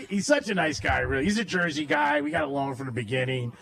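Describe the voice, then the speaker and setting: Brash male radio host, high voice, joking storyteller who laughs a lot. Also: lively intonation, a little fast, gravelly, a bit bright. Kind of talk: casual radio banter and live ad reads.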